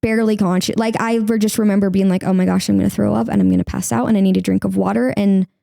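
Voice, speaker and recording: A woman's voice: medium pitch, steady tone, fast, gravelly, dark tone, no room sound, studio quality. A young woman speaking as a podcast guest, sharing a personal story candidly and acting out her own past words. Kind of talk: emotional personal interview.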